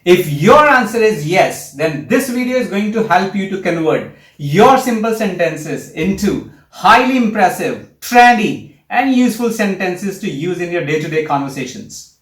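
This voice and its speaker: A man's voice: high-pitched, sing-song, normal speed, a bit bright. A man teaching English, upbeat and explaining each phrase with example sentences in a scripted lesson dialogue. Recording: echoey room.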